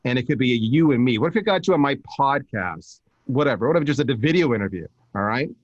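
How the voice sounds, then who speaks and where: Energetic guy talking shop on a podcast, animated, dry muffled audio. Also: medium pitch, fast, dry recording. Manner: energetic, emphatic, animated storytelling with restarts. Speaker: podcast guest, marketing speaker. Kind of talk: casual advice talk.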